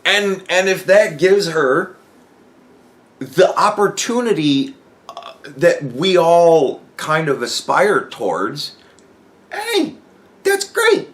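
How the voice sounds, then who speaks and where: A man's voice: on the high side, huge pitch swings, slow pace, pauses often. A man talking casually on his own podcast, rambling and swearing, with frequent stammering restarts and acted-out imagined dialogue. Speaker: podcast host. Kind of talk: casual solo commentary.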